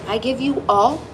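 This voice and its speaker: A woman's voice: extremely high pitch, a little hiss or hum, low-quality recording. A woman giving a tarot reading straight to her viewer, emphatic and reassuring, swearing casually as she goes. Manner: lively, emphatic, swearing, speaks directly to the viewer. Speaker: tarot reader.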